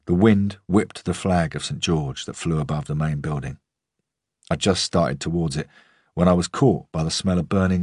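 Brief: male narrator, deep and husky, dry close-miked read of first-person crime fiction. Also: darkish tone, no room sound. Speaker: audiobook narrator.

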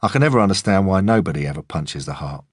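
Male audiobook narrator, very low and husky, measured delivery, dry booth. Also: dry recording. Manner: calm, measured storytelling. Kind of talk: first-person audiobook narration.

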